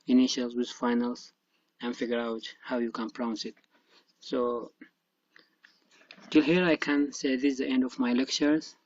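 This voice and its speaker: Slow, husky man teaching pronunciation. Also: medium pitch, darkish tone, dry recording, highs cut off. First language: Arabic. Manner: patient drilling of syllables aloud. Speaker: Chinese teacher. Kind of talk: online pronunciation lesson.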